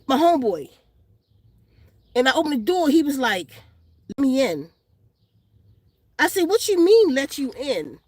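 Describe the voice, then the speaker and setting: A woman's voice: high voice, very animated, moderate pace, long pauses, dry recording. A woman vlogger telling a story in casual, blunt, profane street slang, outdoors in the sun.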